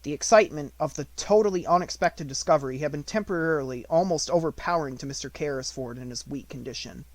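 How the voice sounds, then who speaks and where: A man reading an unabridged audiobook in measured storytelling narration. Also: on the high side, no room sound.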